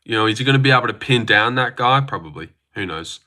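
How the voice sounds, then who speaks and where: In a sharp, lowish voice with lively intonation, a young Australian man talks quickly on his livestream. He reads viewer comments aloud, staying casual, joking around and cursing freely.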